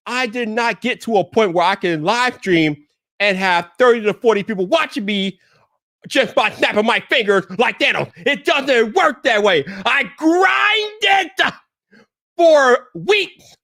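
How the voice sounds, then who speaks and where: High-voiced loud hype-man streamer. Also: dry recording, clean studio sound. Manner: loud hype-man shouting, drawn-out cheers. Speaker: live stream host. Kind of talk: hyped live stream talk.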